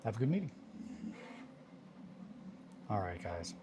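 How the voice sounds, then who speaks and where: Against background noise, a man with a lowish, sing-song voice speaks slowly while hosting a casual hobby livestream. Building miniatures, he talks to himself, muttering and coaxing the tiny, fiddly parts into place.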